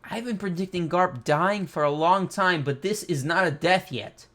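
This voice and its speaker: A man hosting a casual comic reaction, reading panels aloud and thinking out loud with excitement. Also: sits high, normal speed. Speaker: manga reaction host.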